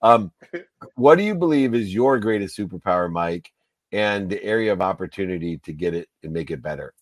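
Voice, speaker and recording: A man in his fifties hosting a casual interview, animated and joking, swearing freely. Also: sits low, fairly quick, no echo. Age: 50s. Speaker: podcast host.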